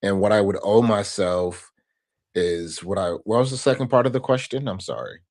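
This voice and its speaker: Deep-ish guy guesting on a podcast, earnest, keeps saying right?, thinking out loud. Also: animated, moderate pace. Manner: earnest, reflective, often adds a questioning "right?". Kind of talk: casual interview conversation.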